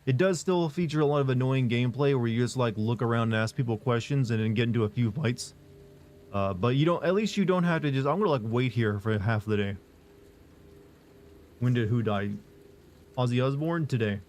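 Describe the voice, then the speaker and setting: On a livestream, a man reads out chat messages and responds in a casual, rambling way, full of fillers and restarts. His mid-pitched voice stays flat and monotone, he talks slightly quickly, and there's a faint hiss or hum in the background.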